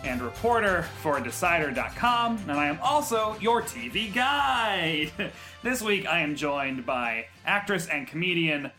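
A chatty man hosting a podcast, his voice sitting a little high for a man. He talks loosely and animatedly, with fillers and self-deprecating jokes. Faint music plays behind him. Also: animated, unhurried, pushed and bright. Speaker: podcast host. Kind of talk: casual podcast chat.

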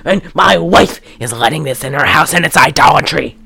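A woman voicing a frantic man who shouts about idolatry and sounds insane. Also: sits low, expressive, moderate pace, gravelly, husky, no room sound, voice pushed down, heavily acted.

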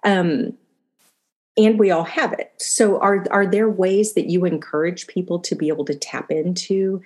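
A woman's voice: lowish voice, steady tone, a little slow, a little mellow. A woman hosting an interview, affirming her guest and asking reflective questions. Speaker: interview host. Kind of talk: interview conversation.

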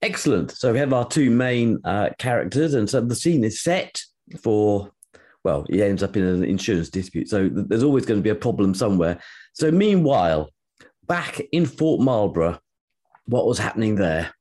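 A male podcast host with a low, mellow voice. He sounds relaxed as he sets up each question for his guest. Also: normal speed. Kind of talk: conversational interview.

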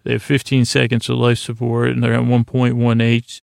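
A man hosting a sleep podcast, recapping an episode in a rambling, halting way full of fillers and restarts. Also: mid-range voice, completely flat delivery, no room sound, clean studio sound. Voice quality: gravelly, creaky. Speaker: podcast host retelling an episode.

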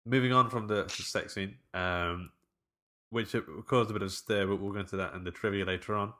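Bright-voiced man chatting about a film. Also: fairly low pitch, steady tone, brisk. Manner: laughing, loose storytelling with swearing. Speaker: podcast co-host. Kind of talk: casual film review chat.

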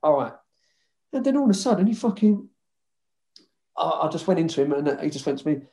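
A man's voice: a little high, a little fast. A man, a former footballer telling stories in a casual interview, swearing and acting out conversations. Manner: swearing, animated retelling with quoted dialogue.

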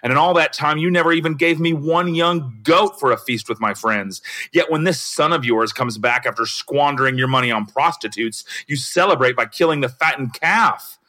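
A man's voice: mid-range voice, normal speed, hardly any pauses, bright, forceful tone, dry recording, pitched above the performer's own voice, close to an everyday voice. A Southern man reading as a bitter older brother. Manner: bitter, complaining. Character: resentful hardworking older brother.

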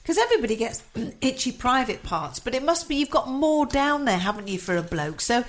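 A woman's voice: a little high, big pitch swings, fairly quick. A woman co-hosting a casual podcast, giggling and breaking into laughter. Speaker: podcast co-host. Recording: noisy home recording.

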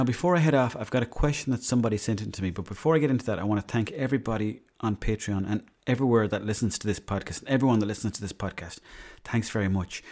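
A man's voice: fairly low pitch, darkish tone. An Irish man in his thirties hosting a solo podcast, chatty and rambling, swearing freely as he tells stories. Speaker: podcast host. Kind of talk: casual solo podcast monologue.

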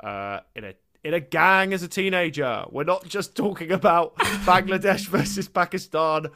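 A man's voice: high-pitched, sharp tone. A man co-hosting a comedy podcast, riffing playfully and laughing as he jokes. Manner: playful, quick to riff and laugh. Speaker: podcast co-host. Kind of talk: comedic banter.

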